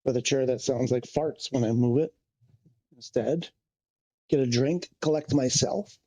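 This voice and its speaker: A man with a warm, mid-range voice streams a flight game, speaking at an unhurried pace. He chats casually and thinks out loud, correcting himself as he goes, in the style of relaxed live-stream talk.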